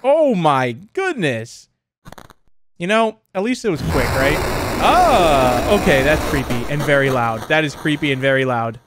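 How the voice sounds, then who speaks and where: A man's voice: mid-range voice, brisk, hardly any pauses, noisy background. A young man giving casual let's play commentary on a horror game, jumpy and laughing, yelping when startled. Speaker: gaming YouTuber.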